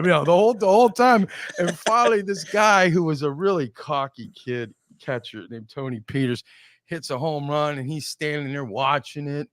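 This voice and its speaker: A man's voice: fairly high pitch, dry recording, clean studio sound. A middle-aged man, hosting a talk show and acting out stories with quoted voices and laughs. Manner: animated storyteller acting out quotes, laughs often. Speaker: podcast host. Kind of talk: casual chat, storytelling.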